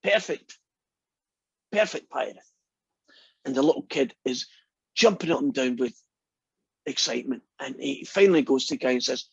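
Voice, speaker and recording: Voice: mid-range voice, lively intonation, normal speed, creaky, pauses often, husky, no echo, muffled recording. A teacher in an online class, chatty and encouraging, telling jokes to the students. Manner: chatty, encouraging, laughs easily.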